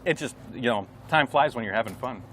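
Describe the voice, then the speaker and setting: Male co-host, bright tense voice, jokey casual chat, live outdoors. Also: mid-range voice, expressive, a little fast, slight background noise. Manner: jokey, laughs often. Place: outdoors at an oyster farm.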